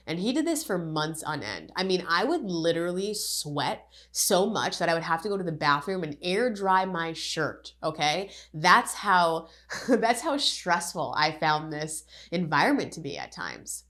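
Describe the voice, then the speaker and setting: A woman's voice: fairly low pitch, big pitch swings, a little slow, a bit bright. A woman from Connecticut, a life coach, telling her own story in an earnest, candid podcast monologue. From Connecticut, USA. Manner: candid, earnest, acts out quoted dialogue.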